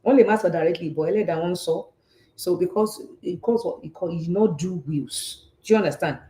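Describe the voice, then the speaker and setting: A woman with a Nigerian Yoruba accent hosting a talk show on personal finance. She talks in a casual, animated way, repeats herself, and keeps checking that listeners follow. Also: on the low side, brisk. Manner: animated and repetitive, with frequent rhetorical checks. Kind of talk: casual teaching talk, switching between English and Yoruba. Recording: roomy echo.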